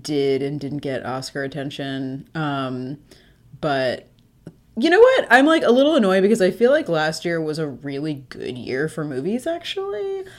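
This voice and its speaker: A woman's voice: low-pitched, moderate pace. A woman co-hosting a podcast in casual chat, with a dry, joking manner and frequent laughter. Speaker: podcast co-host.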